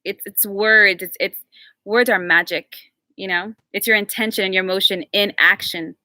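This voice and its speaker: Woman healer leading a live workshop; bright, sharp voice, dry sound, encouraging, measured when guiding. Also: mid-range voice, steady tone, no room sound. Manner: chatty and encouraging, slowing to a measured invocation when leading the prayer. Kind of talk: live workshop teaching and guided meditation.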